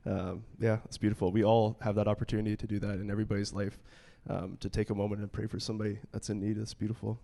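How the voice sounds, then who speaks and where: Mellow low-voiced male interviewer. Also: little pitch movement, quick pace, vocal fry, few pauses. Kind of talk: casual interview.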